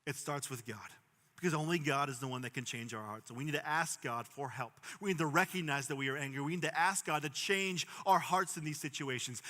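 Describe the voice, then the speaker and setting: Young male pastor preaching; fairly high, bright voice with long church reverb; earnest, swings loud and soft. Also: brisk. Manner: earnest, rising to emphatic bursts then dropping soft. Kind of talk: sermon.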